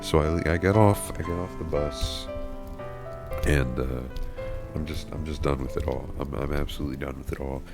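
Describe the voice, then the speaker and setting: A man's voice: rumbling low, fairly even intonation, moderate pace, vocal fry. A man telling a comedic story in a rambling, mock-serious way, stumbling over repeated words. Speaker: video creator. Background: background music.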